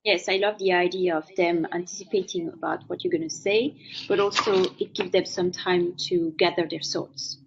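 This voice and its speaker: A woman's voice: fairly low pitch, fairly even intonation, normal speed, lo-fi sound, background noise. A woman from France with a strong French accent, hosting a live online interview in a chatty way with many fillers. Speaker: host.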